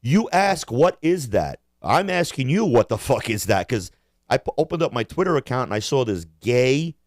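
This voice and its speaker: A man's voice: mid-range voice, very animated, normal speed, dry recording, studio quality. A man co-hosting a podcast, rambling through crude jokes and profane rants in casual chat. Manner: rambling, profane, jokey impressions. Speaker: podcast co-host.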